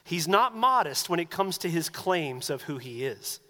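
A man preaching a sermon as pastor, animated and acting out the voices he quotes. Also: fairly high pitch, normal speed, in a large hall.

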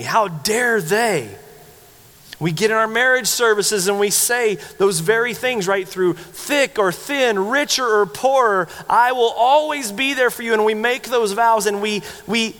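A man preaching a sermon as pastor, telling stories with animated, acted-out quotes. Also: a little high, big-room sound. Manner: animated storytelling, acting out quoted voices.

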